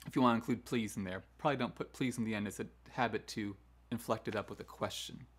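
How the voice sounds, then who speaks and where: This choral music education host talks through classroom management, acting out teacher commands in a firm voice that inflects downward. His pitch is on the low side and fairly even, his delivery quick and slightly rough, and his chatty explanation is full of "right?" asides and restarts.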